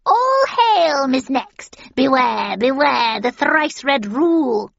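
A woman voicing an old hag witch who proclaims prophecies slowly and loudly, with a slightly dull recording. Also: high-pitched, big pitch swings, creaky, no room sound, voice pushed up, exaggerated voice. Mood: proclaiming. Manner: slow theatrical proclaiming.

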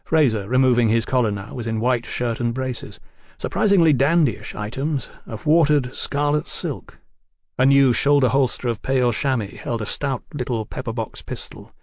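A man narrating an audiobook in an even, unhurried way. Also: medium pitch, dry recording, studio quality. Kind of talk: scripted narration.

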